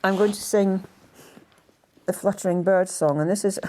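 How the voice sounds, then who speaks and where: An older woman with a Scottish accent, telling stories by the fireside in a gentle, halting way that often trails off to a hush. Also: mid-range voice, fairly even intonation. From Scotland. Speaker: storyteller and singer. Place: indoors in a house by a fireside.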